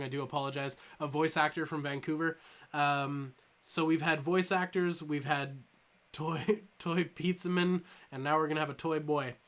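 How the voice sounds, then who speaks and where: A young man hosts a live stream from home in a voice pitched a little high. He rambles in a loose, joking way and leans on ums while he answers chat. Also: fairly bright tone. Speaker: toy channel host streaming live.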